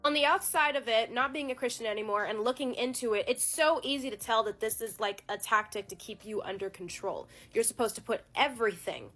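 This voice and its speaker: A woman's voice: fairly high pitch, brisk, few pauses, a bit bright, soft background music. A woman hosting her own Bible-critique series, talking casually with sarcasm, exasperation and heavy swearing. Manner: ex-Christian skeptic. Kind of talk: casual profane commentary.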